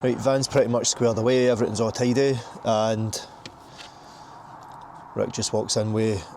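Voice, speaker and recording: A Scottish man with a husky, brash voice, chatting casually as a camping vlogger outdoors at a campsite. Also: lowish voice, fairly even intonation, measured pace, darkish tone, a little hiss or hum. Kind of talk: casual vlog chat.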